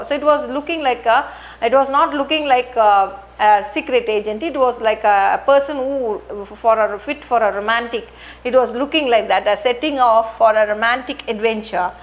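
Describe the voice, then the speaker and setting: A woman English teacher with a high voice reads a textbook story aloud and retells each sentence in simple words. She often restarts and uses fillers.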